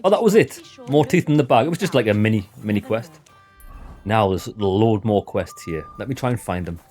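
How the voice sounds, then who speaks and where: A man's voice: fairly low pitch, animated, a little fast, darkish tone, faint music behind. Chatty male gaming commentator. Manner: chatty, joking, addresses viewers as lads. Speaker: gaming channel host. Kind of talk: casual gameplay commentary.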